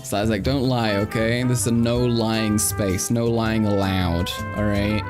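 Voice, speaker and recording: A man hosting a live stream in casual chat, playful and crude, jumping into sudden high-pitched exclamations. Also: steady tone, a little slow, music in the background. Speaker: livestream host.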